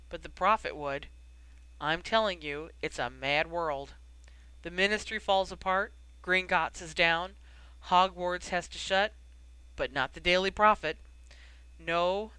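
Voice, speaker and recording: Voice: mid-range voice, sharp tone, smooth, no echo, rough recording. Reader voicing a weary, wry wizard official. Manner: brisk and grumbling, wry. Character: weary, harried middle-aged wizard official.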